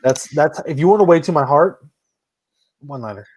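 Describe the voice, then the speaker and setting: A man's voice: a little high, brisk, a little hiss or hum. A man hosting a casual podcast chat, telling funny stories with lots of laughter and swearing. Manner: animated storyteller, swears and laughs often. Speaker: podcast host.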